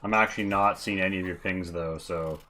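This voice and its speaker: A man's voice: low voice, steady tone, a little fast, sharp tone, soft background music. A man playing a tabletop game, teasing the game master in a dry way. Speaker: player.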